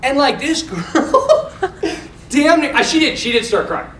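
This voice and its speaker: A man's voice: very high-pitched, sing-song, slow, fairly bright tone. A man, a Catholic priest, giving an informal talk to a men's group, telling stories animatedly and laughing often. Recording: echoey room, mic far off, faint noise.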